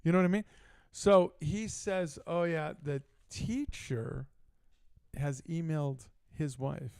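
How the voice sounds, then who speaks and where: A man's voice: fairly high pitch, takes it slowly, creaky, darkish tone, clean tone, dry recording. A middle-aged man co-hosting a sports talk show, telling a long story in casual chat and acting out both sides of the conversations. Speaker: podcast co-host.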